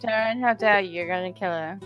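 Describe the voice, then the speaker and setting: Casting: woman player, playful banterer, mid pitch. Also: a little fast, muffled recording, music in the background. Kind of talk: tabletop role-play chat.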